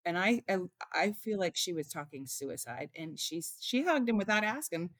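Telling heartfelt stories in an interview, this author and mother speaks earnestly and voices the dialogue of the people involved. Her voice sits on the low side with lively intonation at a moderate pace, and the studio recording is clean and dry.

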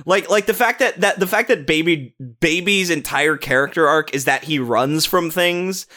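A young man on a casual podcast, rattling off his opinions with excitement and plenty of swearing. His voice sits a bit higher than most men's. He trips over his own words and restarts often as he rushes ahead. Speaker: podcast co-host. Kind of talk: casual movie-review chat.

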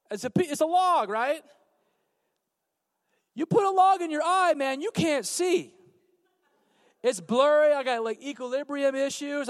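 High-voiced pastor preaching with swings. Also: male voice, no echo. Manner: emphatic preaching, swinging from hushed to loud; calls out to the congregation. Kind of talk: sermon. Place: church sanctuary on a stage.

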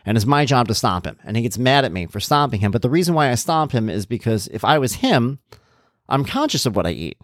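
A man's voice: brisk, no room sound, clean studio sound. A man in his thirties hosting a podcast, telling a casual story and acting out both sides of the conversation. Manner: animated, jumps to a high voice when quoting himself. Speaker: podcast host.

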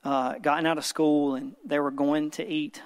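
This pastor, a man in his thirties, speaks with a fairly high, clean voice in a flat delivery at a moderate pace. He preaches earnestly to his congregation at a church service, using a story to illustrate his point as soft music plays.

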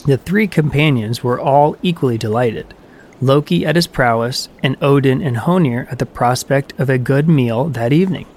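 A man narrating an audiobook of myths with measured, even storytelling. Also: medium pitch.

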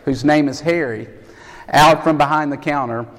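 A male preacher telling a story in a sermon, animated and acting out the quotes, in a church sanctuary. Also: on the high side, normal speed. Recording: echoey hall.

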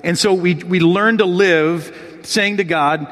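A man's voice: high voice, measured pace, a bit bright, long reverb tail. A man preaching a sermon in an earnest, heartfelt way, reading scripture with rising emotion. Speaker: pastor.

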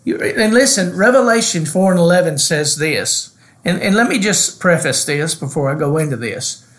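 A man's voice: fairly high pitch, lively intonation, a bit bright. A man co-hosting a ministry podcast, teaching in an earnest, preacherly way. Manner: earnest, preacherly, drawn-out emphasis. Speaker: pastor and podcast co-host.

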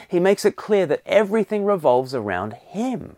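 A man preaching a sermon, rising in pitch and loudness to stress his key points. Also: sing-song, normal speed, dry recording, clean studio sound.

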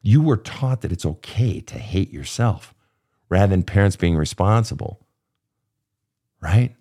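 A man's voice: deep voice, animated, a little slow, warm tone. A man in his fifties coaching a guest through childhood pain in a blunt, profane, impassioned way. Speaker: therapist host. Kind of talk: emotional coaching session.

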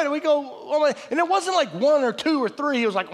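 A middle-aged man giving a sermon as pastor. He preaches in a conversational way and tells stories that break into laughs and loud bursts. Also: very high-pitched, huge pitch swings, normal speed, few pauses. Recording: long reverb of a large hall.

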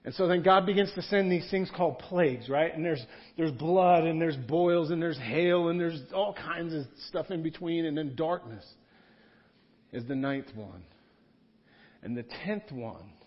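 A man's voice: fairly high pitch, lively intonation, unhurried. A man, a pastor, preaching a sermon in a church room in a conversational style, repeating key words for emphasis. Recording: dull lo-fi sound.

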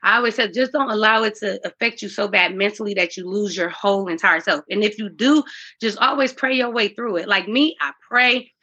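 Husky, bright-voiced woman, earnest guest. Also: mid-range voice, a little fast, highs cut off. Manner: earnest, faith-driven, with many fillers and restarts. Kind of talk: candid conversational interview.

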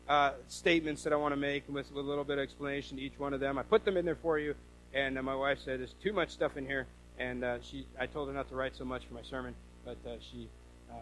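Animated high-voiced male preacher. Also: low-quality recording. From US Northwest. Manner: animated storytelling with quoted voices. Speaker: pastor. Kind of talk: sermon.

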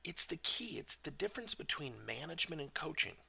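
Animated man with a gravelly, bright voice. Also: on the high side, brisk. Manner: animated, emphatic, asks many questions. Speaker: leadership coach. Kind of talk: motivational business talk.

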